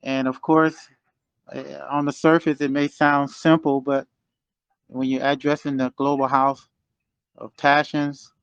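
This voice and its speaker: A man in his sixties giving a motivational exhortation over a remote call, halting with many fillers and building to fervent emphasis. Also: medium pitch, little pitch movement, clean tone, dry recording, muffled recording. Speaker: guest speaker. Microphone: remote call connection.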